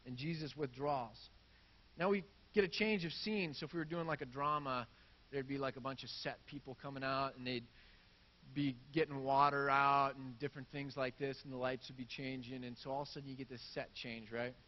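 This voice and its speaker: A man's voice: medium pitch, steady tone, a little fast, lo-fi sound. A man preaching a sermon in a casual, conversational way, reading scripture and acting out the crowd's reactions. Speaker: pastor.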